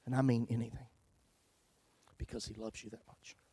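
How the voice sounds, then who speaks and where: A man's voice: mid-range voice, flat delivery, normal speed, slightly rough, dry recording. Male pastor preaching, dry sound. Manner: folksy testimony, swings from loud to hushed. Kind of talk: sermon.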